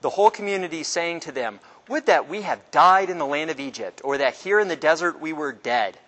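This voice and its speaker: A man's voice: expressive, brisk, a bit bright. Man teaching a casual Bible class. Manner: conversational, asks the class questions, acts out quotes with pitch jumps.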